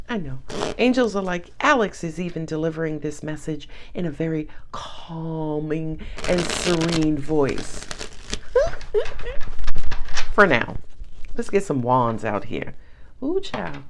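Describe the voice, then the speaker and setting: A woman's voice: low voice, noisy background. A woman giving a casual tarot reading, chatty and sassy, with frequent laughs. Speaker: tarot reader.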